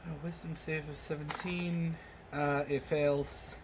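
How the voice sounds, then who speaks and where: A man running a tabletop game as game master, halting with many ums and uhs and often laughing. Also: on the high side, level tone, a little hiss or hum.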